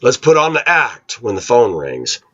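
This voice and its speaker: A middle-aged American vlogger rants in a casual, opinionated monologue, scornful and now and then mocking others in falsetto. His husky, fairly bright voice swings hugely in pitch at an unhurried pace, and the audio is dull.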